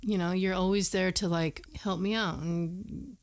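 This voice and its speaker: A woman's voice: fairly low pitch, steady tone, unhurried. A middle-aged woman co-hosting a podcast, chatting casually with her partner, laughing easily and answering with short agreements. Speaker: podcast co-host.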